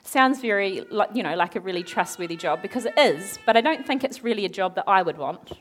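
A woman preaching a sermon, retelling a Bible story in a lively way, acting out the characters' lines and asking her listeners questions. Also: medium pitch, fairly quick. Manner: animated, acts out quoted characters, asks the audience questions.

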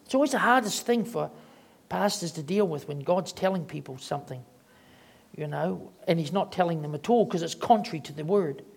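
A man's voice: a little high, lively intonation, fairly quick, creaky, husky. A middle-aged man preaching a sermon as pastor, talking in a conversational way and acting out the voices of people he quotes.

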